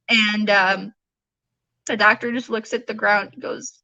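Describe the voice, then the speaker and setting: A woman's voice: medium pitch, fairly even intonation, unhurried, creaky, bright, forceful tone, no echo, rough recording. A young woman, a bereaved mother, recounting events earnestly and quoting the people involved. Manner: earnest, retelling events with quoted dialogue. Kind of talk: personal testimony in a podcast conversation.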